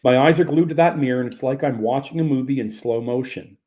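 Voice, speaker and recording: A man's voice: medium pitch, fast talker, mellow. Man telling a tense tale. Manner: tense, profane first-person storytelling. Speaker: author reading his own story. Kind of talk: audiobook memoir narration.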